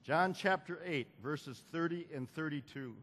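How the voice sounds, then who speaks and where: A man with a fairly high, slightly bright voice preaches at a measured pace, repeating phrases and climbing to emphatic peaks as he calls on the congregation to answer. Long hall reverb surrounds the recording.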